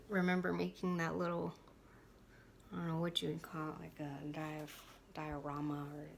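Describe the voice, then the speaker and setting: A young woman vlogger with a low voice, chatting candidly to her camera at an unhurried pace. She keeps restarting her sentences and filling pauses with "um" as she talks. A faint hiss sits behind her. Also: creaky, darkish tone. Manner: chatty and frank, with many fillers and restarts.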